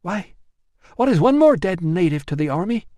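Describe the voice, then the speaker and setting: A man's voice: sits high, sing-song, normal speed, warm tone, no echo, voice pushed up. A man voicing a fierce, defiant tribal woman who speaks in a cold, hissing way.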